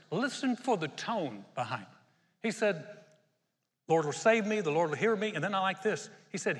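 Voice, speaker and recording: A man preaching a sermon as pastor, animated and laughing often as he quotes scripture. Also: sits high. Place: church. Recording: long hall reverb.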